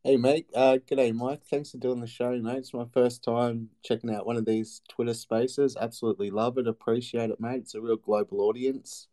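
A man's voice: mid-range voice, little pitch movement, normal speed, few pauses, dark tone. A man with an Australian accent calling in to a talk show, chatty and friendly, saying "mate" a lot. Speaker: caller. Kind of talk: casual call-in chat.

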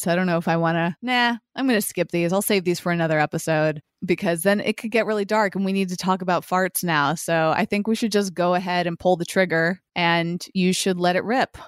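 A woman's voice: fairly low pitch, smooth, no room sound, studio quality. A woman co-hosting a podcast, chatting casually in a playful, teasing way. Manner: playful, quick to laugh. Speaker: podcast co-host. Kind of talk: casual chat.

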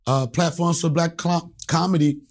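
A stand-up comedian from Alexandria, Virginia, telling profane stories as a guest and acting out the voices in them. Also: male voice, on the high side, steady tone, moderate pace, gravelly. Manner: profane, acts out voices in anecdotes. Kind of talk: animated storytelling.

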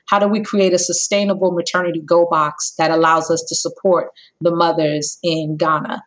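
Woman, 30s, podcast guest, storytelling, lowish voice, acts out dialogue. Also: normal speed, poor audio. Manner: animated storyteller, acts out dialogue with big pitch jumps. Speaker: company co-founder, guest.

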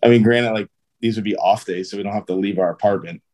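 Chatty man with a low voice. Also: fast talker, a little mellow. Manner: loose and chatty, full of "um", "like" and "dude". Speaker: guest, pro baseball player. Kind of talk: casual interview storytelling.

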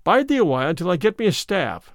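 A man voicing a gentle, strong young male stranger with soft, archaic speech. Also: high-pitched, big pitch swings, fast, no room sound, studio quality.

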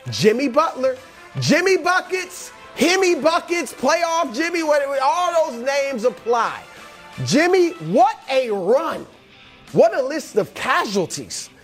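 An animated man whose voice swings widely up and down as he hypes players one by one, like a pep talk. He co-hosts a sports talk show with a soft music bed behind him. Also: very high voice, takes it slowly. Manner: animated, hyped motivational delivery addressed to players. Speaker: co-host.

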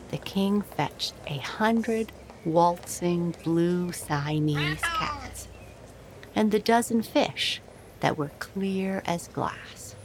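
A woman reading a storybook aloud in an expressive storytelling manner. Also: fairly low pitch, slight background noise, rough recording.

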